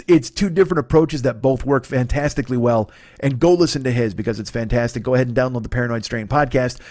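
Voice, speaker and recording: A man's voice: medium pitch, no room sound, clean studio sound. A man hosting a comedy podcast, rambling and profane through a casual ad read.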